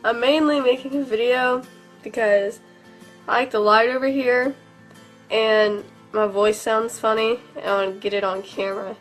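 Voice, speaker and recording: A young woman chats into her phone camera at home, rambling and giggling through stories packed with filler words. Her voice sits a little high, and faint music plays behind her. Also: steady tone, normal speed. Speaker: vlogger. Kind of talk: casual storytelling vlog.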